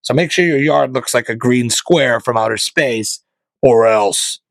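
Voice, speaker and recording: A man's voice: medium pitch, unhurried, creaky, a bit bright, no echo. A male comedian hosting his podcast, delivering a sarcastic, conspiratorial comic rant. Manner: sarcastic, conspiratorial, mocking voices of corporations.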